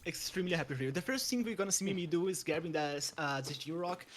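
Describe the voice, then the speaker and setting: Young male speedrun commentator, higher pitch, excitable, frequent restarts, light background hiss. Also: fast talker. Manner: eager, stumbling restarts, chuckles. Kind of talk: live game commentary.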